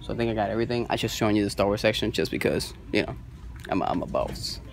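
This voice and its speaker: A man filming a casual toy-hunting vlog, talking in an animated way and dropping in Spanish words. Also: fairly low pitch, fast talker, creaky, noisy background. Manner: animated, swears and laughs, mixes in Spanish words.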